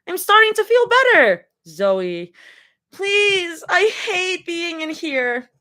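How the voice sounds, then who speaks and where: A playful young woman stuck in a hospital bed, voiced by a woman reading a fanfic aloud. She sounds whiny and teasing, and her pitch leaps up and down as she begs in a bouncy lilt. She speaks slowly and draws out her pleas. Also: big pitch swings, sharp tone, heavily acted. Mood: pleading.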